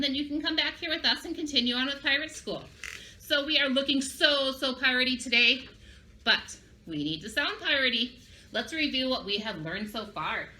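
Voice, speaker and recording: A children's library presenter leads a craft and vocabulary lesson in an upbeat, sing-song manner, asking the kids to repeat words after her. Her voice is high-pitched and bright, with a forceful tone.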